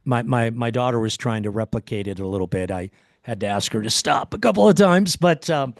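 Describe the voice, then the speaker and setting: A man's voice: mid-range voice, lively intonation, no room sound. Guy hosting a podcast, eager, stumbles over words, dry close mic. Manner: enthusiastic, halting with repeated words. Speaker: podcast host. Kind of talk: casual interview chat.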